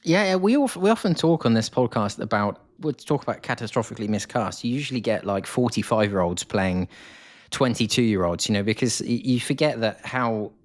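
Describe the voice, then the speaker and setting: A man with an English accent hosting a history film podcast, talking in a lively way and rising in pitch when he asks questions. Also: a little fast. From England. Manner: animated, rises in pitch when asking questions. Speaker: podcast host. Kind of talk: casual podcast discussion.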